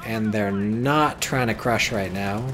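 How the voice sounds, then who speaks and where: A man with an American accent giving casual play-by-play commentary on a strategy game, excitable, swearing and yelping at big plays. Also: on the low side, slow pace, slight background noise.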